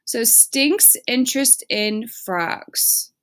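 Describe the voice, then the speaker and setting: A woman teacher reading a children's book aloud and explaining a reading question slowly and patiently. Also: fairly high pitch, lively intonation, a bit bright. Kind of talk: reading aloud and classroom instruction.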